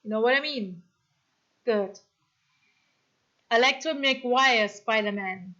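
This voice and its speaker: A German-accented woman streamer talks at an unhurried pace with a high, bright voice. She reads comments aloud, apologizes a lot and gets excitable. The mic sounds a little dull. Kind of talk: casual live-stream chat.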